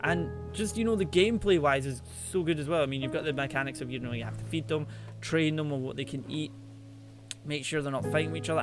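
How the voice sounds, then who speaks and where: A man's voice: fairly high pitch, fairly quick, over music. A man giving chatty, playful let's play commentary, teasing the animals in the game as he plays. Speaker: gaming channel host.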